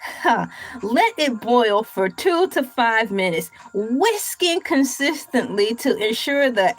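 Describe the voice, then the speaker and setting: A woman livestream host reads a recipe aloud slowly, then riffs on it with playful, rambling jokes and asides. Her voice is on the high side with a fairly bright tone, in a low-quality recording.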